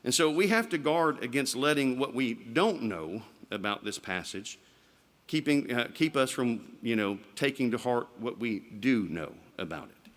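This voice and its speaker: A man's voice: medium pitch, expressive, measured pace, a bit bright. A man preaching an evening sermon in a church, speaking in a conversational way and putting rhetorical questions to the congregation. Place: church sanctuary.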